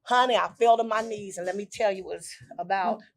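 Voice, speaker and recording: An older woman on a talk show tells a personal story with deep emotion, acting out what others said and repeating phrases. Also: quick pace.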